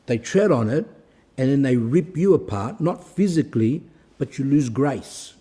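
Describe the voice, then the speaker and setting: A man's voice: medium pitch, lively intonation, a little slow, dark tone, slightly rough. A middle-aged man, an Orthodox priest, giving an earnest talk, telling stories and acting out quoted exchanges. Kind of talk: sermon-style talk.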